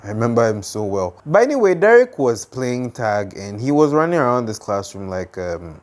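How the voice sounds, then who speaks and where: A young man casually telling a childhood story, lively and dramatic, with lots of fillers. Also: medium pitch, moderate pace.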